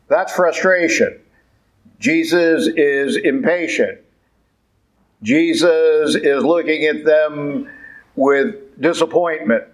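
Emphatic preaching man, somewhat high voice. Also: rough recording. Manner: conversational, emphatic, with rhetorical questions. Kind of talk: sermon.

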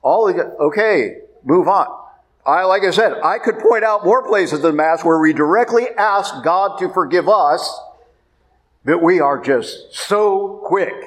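A man preaching a sermon as a priest, emphatic and repeating his points. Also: on the high side. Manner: emphatic, repeats points, rises sharply when pressing.

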